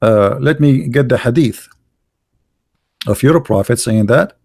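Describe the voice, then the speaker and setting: A man arguing and mocking as he reads from texts, sharp and combative, stopping often with fillers while he searches. His voice sits at an ordinary male pitch and is recorded close and dry, with no room sound. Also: creaky, slightly rough, no room sound. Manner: mocking, insulting and argumentative; halting, with many fillers while searching pages. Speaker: religious debate commentator. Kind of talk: combative commentary while reading texts on screen.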